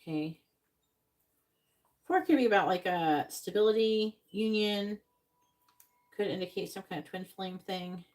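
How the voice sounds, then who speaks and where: A woman's voice: mid-range voice, a little mellow, roomy sound. Woman psychic reading to live viewers. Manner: talks to viewers, repeats and spells out signs, letters and numbers slowly. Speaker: psychic reader on a live stream. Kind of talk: live-stream card reading. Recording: slightly distant mic with faint noise.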